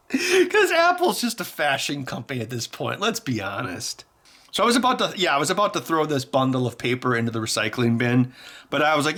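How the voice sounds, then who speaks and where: A man hosting a casual vlog, animated and jokey with frequent laughter. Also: on the high side, normal speed. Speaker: tech YouTuber.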